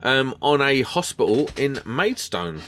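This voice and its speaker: A man's voice: medium pitch, very animated, unhurried, a bit bright. Chatty man. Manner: chatty storyteller, laughs often. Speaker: podcast co-host. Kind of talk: casual chat.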